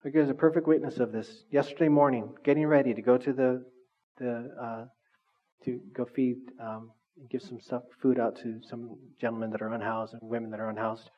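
A male pastor preaching a conversational sermon, animated and full of asides to the congregation. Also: medium pitch, normal speed, dull audio.

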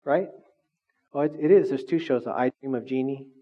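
A man's voice: medium pitch, normal speed. A middle-aged man preaching a conversational sermon and often asking the congregation questions. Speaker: pastor. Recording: slightly dull, lo-fi recording.

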